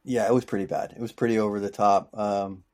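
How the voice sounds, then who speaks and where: Male podcast co-host, low voice, laid-back and agreeable. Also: steady tone, quick pace, darkish tone. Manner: easygoing, agreeable, hedging with fillers. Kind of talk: casual chat.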